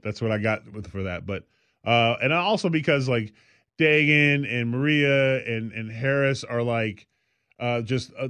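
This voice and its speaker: A man's voice: medium pitch, fairly bright tone, dry recording. A man co-hosting a podcast, telling stories in a loose, rambling way with lots of fillers. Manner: rambling storyteller, many fillers. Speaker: podcast co-host. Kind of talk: casual chat.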